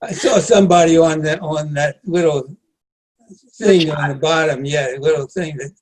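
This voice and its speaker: Older male veteran, slightly high voice, halting conversational chat. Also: darkish tone. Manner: halting, repeats words. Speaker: WWII veteran guest. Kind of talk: casual chat.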